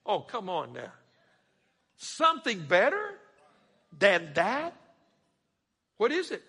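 Male preacher with a high, forceful voice and a husky edge, in a church hall with long reverb. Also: big pitch swings, slow pace, pauses often. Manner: preaches with dramatic rising questions and sudden soft drops. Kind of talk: sermon.

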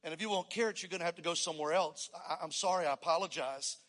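Brief: exasperated male shopkeeper in a storytold joke, voiced by a preacher, high bright tone. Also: quick pace. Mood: patient. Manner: explains plainly, grows firm and threatening. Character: patient then exasperated male paint store owner. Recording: long hall reverb.

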